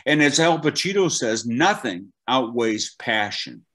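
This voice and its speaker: A man's voice: medium pitch, unhurried. An older man, a voice acting teacher, talking animatedly as an interview guest, with frequent restarts. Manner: animated storyteller, many restarts. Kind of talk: conversational interview.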